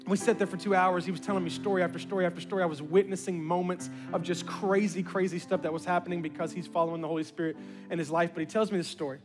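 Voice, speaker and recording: A man's voice: sits high, fast talker, over music. A man pastor telling a story in a sermon, acting out the voices of the people in it. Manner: animated, acts out quoted voices.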